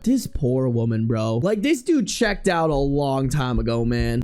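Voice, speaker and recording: Lively young woman reading stories aloud. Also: a bass voice, a little slow, hardly any pauses. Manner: animated, swears freely in casual slang. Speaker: online streamer reading reddit posts.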